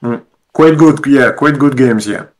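A man's voice: mid-range voice, unhurried, rough recording. French-accented man, hesitant and easygoing. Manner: hesitant, many fillers, easygoing. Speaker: guest. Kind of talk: casual interview chat.

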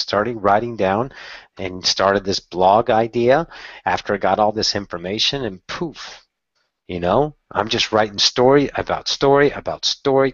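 A man with a deep, husky voice tells his own story in a candid, excitable way and swears now and then. The sound is dry and close, on a dull lo-fi recording. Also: dry recording. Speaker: channeler telling his story. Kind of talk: casual personal storytelling.

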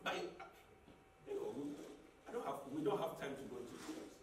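A man preaching a sermon as a pastor, repeating phrases and building up to shouts. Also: medium pitch, big pitch swings, fairly quick, background noise. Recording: echoey hall, mic at a distance.

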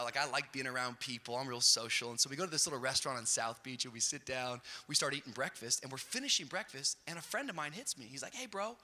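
Bright-voiced storytelling pastor in a hall. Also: male voice, mid-range voice. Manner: storytelling, builds to shouted climaxes. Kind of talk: sermon with humorous story. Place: large church auditorium. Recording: hall reverb.

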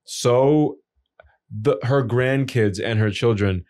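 Young man, podcast co-host, casual rambling storyteller, swears a lot, mid-pitched voice. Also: takes it slowly, a little mellow. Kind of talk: casual chat.

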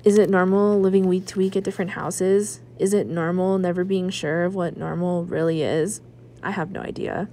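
A woman librarian reading a children's novel aloud, with expressive first-person narration. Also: lowish voice, moderate pace, a little hiss or hum. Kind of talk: children's book read-aloud.

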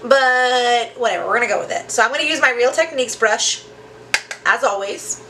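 A woman's voice: on the high side, normal speed, noisy background. A young woman doing a casual makeup tutorial at her home vanity, chatty and self-deprecating with lots of "like" fillers, recorded on a camera mic at close range. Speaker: beauty vlogger.

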